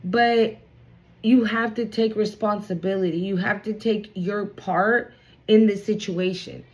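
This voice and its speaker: A woman's voice: medium pitch, a little mellow, poor audio. A woman giving a casual spiritual card reading to her viewers, chatty and blunt, swearing freely and reassuring them.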